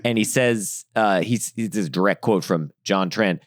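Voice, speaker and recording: Guy with a lowish voice musing about a movie, lots of restarts, dry close sound. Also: no room sound. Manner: rambling, halting, many restarts. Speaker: podcast co-host. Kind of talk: casual film discussion.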